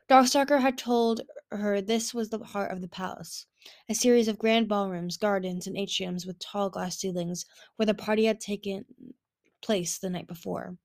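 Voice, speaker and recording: A woman reads a fantasy storybook aloud in a steady, plain manner. Her voice sits at a middle pitch, with the odd slip and restart. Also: normal speed. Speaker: audiobook reader. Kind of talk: storybook read-aloud narration.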